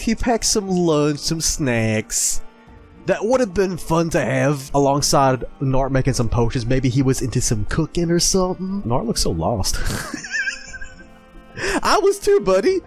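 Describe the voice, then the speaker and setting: A male video host talks through comics in a relaxed, chatty way. His voice sits a little high and swings up and down a lot as he gushes and laughs. Faint music plays behind him. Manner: excitable and gushing, laughs often. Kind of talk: casual commentary while reading comics.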